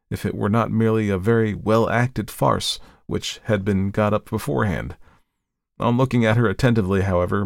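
Gravelly low-voiced male audiobook narrator. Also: dry recording, studio quality. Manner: measured, steady storytelling. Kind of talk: first-person audiobook narration.

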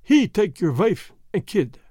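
A man's voice: high-pitched, big pitch swings, a little slow, dark tone, slightly rough, no room sound, studio quality, full character voice. A man voicing a wounded, dying Swedish sailor who speaks weak, broken English in a near whisper.

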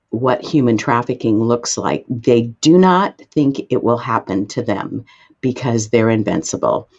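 A woman guest expert answering interview questions, explaining in an emphatic way with sudden lifts in pitch. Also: darkish tone, highs cut off.

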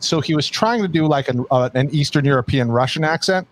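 A man's voice: a little high, fast talker. A man co-hosting a podcast in casual chat, rambling with many restarts. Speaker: podcast co-host.

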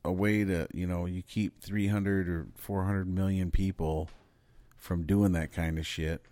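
A man's voice: deep voice, steady tone, measured pace, warm tone, dry recording. A man hosting a podcast, talking in a loose, profane, rambling casual chat. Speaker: podcast host.

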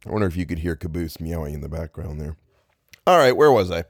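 A man's voice: low-pitched, expressive, fast, dry recording, clean studio sound. A man reading old ghost stories aloud, often breaking off to joke about his own slips and grumble. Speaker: storyteller.

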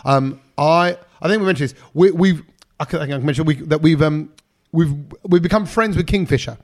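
A man hosting a casual podcast chat at a kitchen table at home, telling stories in a quick, animated way. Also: a little high. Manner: quick, animated storytelling with frequent laughs. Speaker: podcast host.

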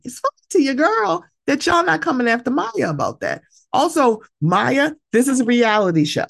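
Woman, podcast host, solo casual chat. Lively, expressive delivery that swears freely; close, dry recording. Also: fairly high pitch, vocal fry, dry recording. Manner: animated and emphatic, swears freely, acts out quoted voices.

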